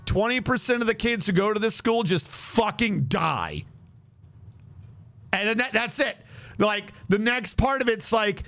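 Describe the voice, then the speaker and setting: High-pitched sarcastic male streamer. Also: very animated, measured pace, fairly bright tone. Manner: sarcastic, profane, exasperated storytelling. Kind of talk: casual livestream rant.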